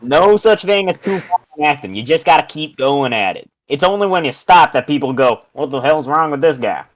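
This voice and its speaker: A man's voice: fairly high pitch, lively intonation, fairly quick, dry recording. A man playing a tabletop role-playing game, joking around and giving mock coaching to another player. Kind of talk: casual in-character tabletop play.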